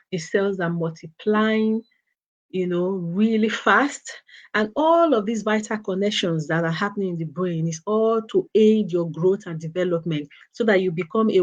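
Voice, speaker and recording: A woman hosting a casual advice talk for teenage girls, speaking gently with many restarts and "you know" fillers. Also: fairly low pitch, dull audio. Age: adult. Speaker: host of a girls' talk channel.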